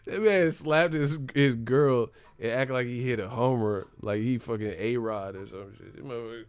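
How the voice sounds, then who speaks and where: A man chatting casually on a livestream, animated and profane, laughing often. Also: medium pitch, moderate pace, clear, resonant tone, dry recording, faint music behind.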